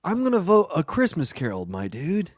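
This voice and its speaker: A man's voice: on the high side, wildly swooping pitch, normal speed, no echo, studio quality. A man co-hosting a casual podcast, brash and profane, joking around. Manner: joking, brash, playful voices. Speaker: podcast co-host.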